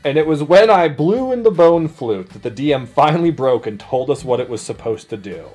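A man's voice: fairly high pitch, lively intonation, a little fast, darkish tone, faint music behind. A man co-hosting a casual tabletop gaming chat, talking in a loose, rambling way and reading out listener stories. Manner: rambling, full of "like" and restarts.

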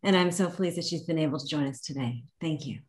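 A woman's voice: sits low, fast talker, darkish tone. A woman board member introducing a guest with admiring words.

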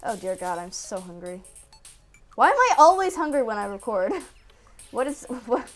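Excitable young woman, high lively voice. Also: moderate pace, soft background music. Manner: excitable, yelps and laughs at the game. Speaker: gaming channel host. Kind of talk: casual gameplay commentary.

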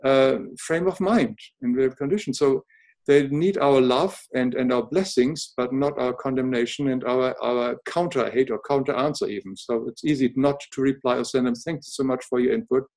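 Older man with an accent, soft and halting. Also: medium pitch. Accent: noticeable non-native English accent. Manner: halting, many restarts, soft-spoken and earnest. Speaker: podcast guest. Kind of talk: reflective casual conversation.

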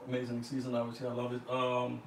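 A man judging food on a live cooking stream, speaking quietly and mumbling as he eats in a kitchen. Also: medium pitch, completely flat delivery, fast, creaky, reverberant, recorded from a distance, slight background noise, low-quality recording. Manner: quiet, mumbled while eating. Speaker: guest taster and judge. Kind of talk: casual live-stream chat.

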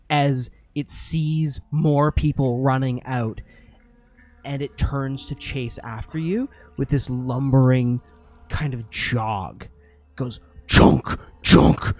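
A man's voice: medium pitch, a little mellow, no room sound. A man running a tabletop game as game master, narrating vividly and mimicking sound effects.

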